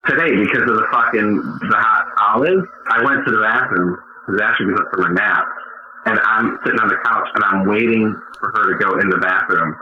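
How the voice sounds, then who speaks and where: A male podcast co-host spins rambling, profane anecdotes in loose banter and laughs through many of them. His pitch sits mid-range. The recording is muffled and lo-fi, with a noisy background. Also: brisk, roomy sound. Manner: profane, rambling storyteller who often laughs. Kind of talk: casual banter. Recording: dull lo-fi sound with noise.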